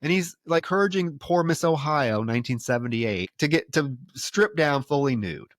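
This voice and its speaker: A man's voice: a little high, animated, moderate pace, no echo, studio quality. A man co-hosting a film podcast, retelling plot scenes in casual chat. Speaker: podcast co-host.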